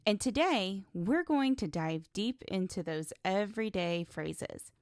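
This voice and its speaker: A woman hosting a language lesson, speaking slowly and with emphasis. Her voice sits in an ordinary middle register. The sound is close and dry, with no room around it. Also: mid-range voice, animated, dry recording. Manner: deliberate, emphatic teaching delivery. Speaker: English teacher, podcast host. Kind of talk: scripted lesson narration.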